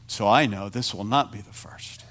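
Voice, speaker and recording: A middle-aged man preaching a sermon as pastor, animated and self-deprecating, moving from quiet confession to near shouting. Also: lowish voice, moderate pace.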